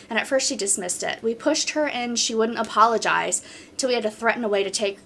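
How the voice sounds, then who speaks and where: A woman's voice: a little high, fairly bright tone, slight background noise. A woman hosting a podcast in casual chat, reading posts aloud and reacting bluntly.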